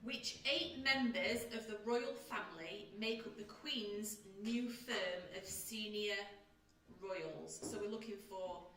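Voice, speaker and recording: A woman's voice: medium pitch, slow pace, bright, forceful tone. A woman, a church pastor, co-hosting an online church chat in a chatty, playful way. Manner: chatty, laughing, playful asides. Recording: echoey room, voice picked up from a distance.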